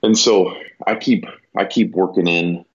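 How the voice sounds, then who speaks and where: A man with a very deep, husky voice tells a story in a loose, rambling way. He fills his talk with "you know" and "like" as he goes. The recording sounds dull and lo-fi. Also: fairly even intonation, a little slow. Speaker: podcast guest, elk hunter. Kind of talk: casual storytelling.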